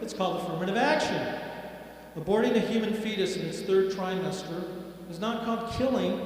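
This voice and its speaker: A man giving a political speech at an evening event, sarcastic and emphatic, his voice fairly high. He sounds distant, washed in the echo of a large hall with long reverb. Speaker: political speaker.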